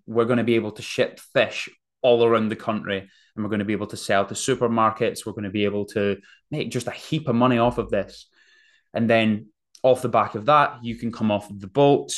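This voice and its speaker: A man hosting a podcast, telling a story in a casual, rambling monologue and correcting himself as he goes. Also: lowish voice. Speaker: podcast host.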